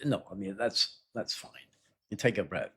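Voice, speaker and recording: A man's voice: lowish voice, lively intonation, moderate pace, pushed and bright, a little hiss or hum. A middle-aged man teaching IELTS speaking in a chatty way, checking in with "yeah?" and acting out sample dialogues. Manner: chatty, stops to ask "yeah?" and "right?"; acts out sample dialogues in a raised voice. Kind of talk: live lesson talk.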